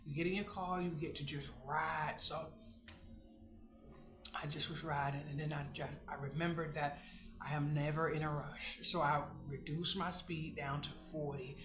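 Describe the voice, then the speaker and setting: A woman vlogger telling a casual personal story in an animated way, breaking into exclamations and laughter. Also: sits low, moderate pace, music in the background. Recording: roomy, dull lo-fi sound.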